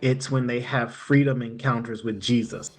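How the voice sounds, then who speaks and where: A man's voice: mid-range voice, fairly even intonation, normal speed, faint music behind. A man hosting the talk, briefly affirming the guest and explaining his ministry's teaching. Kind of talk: conversational interview.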